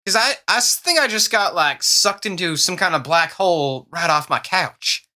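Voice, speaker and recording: A man's voice: sits high, lively intonation, normal speed, sharp tone. A man playing a tabletop game, speaking in an easygoing, hesitant way. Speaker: player.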